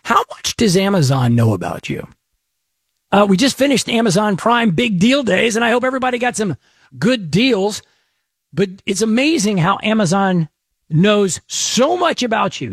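Chatty high-voiced radio host man. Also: normal speed, slightly rough, no echo, clean studio sound. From Texas. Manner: folksy, chatty and energetic. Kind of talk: casual radio talk show.

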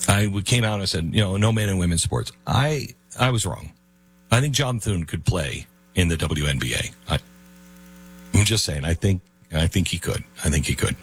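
A man hosting a radio talk show, talking in a mocking, animated way and jumping between bits. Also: on the low side, husky. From United States. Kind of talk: casual radio talk with read ad.

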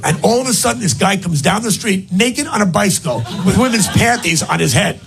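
A brash male stand-up comedian with a high, gravelly voice that leaps all over the place. He builds his stories toward shouted punchlines, with faint hiss under the recording. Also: lively intonation, normal speed, loud music behind the voice, over a noisy crowd. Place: live comedy stage with audience.

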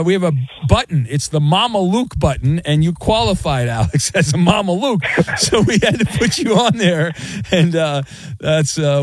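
A man's voice: sits high, no room sound. A man hosting a casual sports talk radio show, ribbing callers and cohosts.

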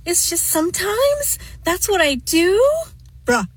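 A woman's voice: very high-pitched, big pitch swings, dry recording, full character voice. A woman doing a bubbly Gen Z girl with uptalk. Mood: gushing. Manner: uptalk, slang-heavy, breathy drawn-out phrases.

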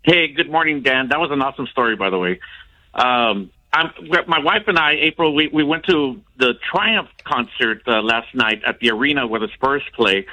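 A man's voice: medium pitch, animated, normal speed, bright, forceful tone, poor audio. A man calling a radio show who rambles and hesitates, with many fillers as he talks. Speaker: radio caller. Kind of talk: casual phone call.

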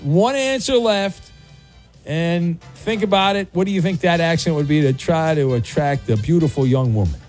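A man's voice: fairly high pitch, normal speed, a little mellow, faint music behind. A man hosting a morning radio game show, joking and self-mocking, with lots of filler words.

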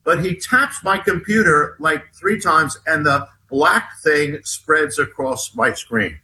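Bright-voiced man telling an anecdote. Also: fairly high pitch, slight background noise. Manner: halting, many restarts, acts out dialogue. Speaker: guest author. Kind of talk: animated storytelling in an interview.

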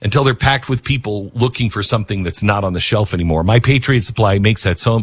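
A middle-aged man hosting a talk radio show, rambling and self-deprecating, reading ads live and leaping into a high mocking voice. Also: no echo.

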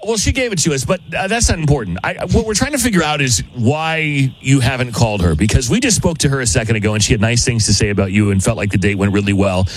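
Fast, lively male radio host. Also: medium pitch, poor audio. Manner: quick, animated, interrupting. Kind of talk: morning radio call segment.

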